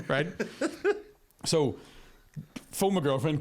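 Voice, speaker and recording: A man's voice: mid-range voice, normal speed, pauses often. A man hosting a podcast, telling a story in casual, profane chat and acting out the voices of the people in it. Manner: profane, animated storytelling with acted quotes. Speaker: podcast host.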